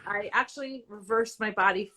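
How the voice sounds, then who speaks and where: A woman's voice: mid-range voice, normal speed, pushed and bright, rough recording. A woman in her forties telling her own story as a patient in a live Q&A, candid and conversational, at times emotional. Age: 40s. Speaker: IVF patient guest.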